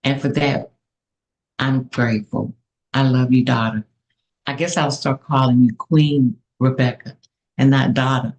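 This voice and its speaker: A woman giving a heartfelt spoken tribute as a spiritual mentor, affectionate and unhurried. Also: very deep voice, fairly even intonation, highs cut off. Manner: slow, warm and affectionate, with soft laughs.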